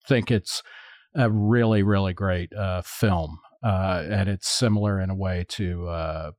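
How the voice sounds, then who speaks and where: Blunt, low-voiced man giving opinions. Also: steady tone, unhurried, darkish tone, no room sound, clean studio sound. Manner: blunt and opinionated, with many fillers. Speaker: podcast panelist. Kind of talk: casual chat.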